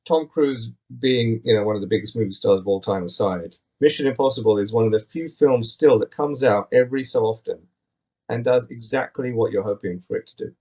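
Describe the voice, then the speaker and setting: A man's voice: medium pitch, fairly quick, a little mellow. A man hosting a casual podcast, talking in an opinionated, rambling, critical way into a tablet mic. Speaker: podcast host.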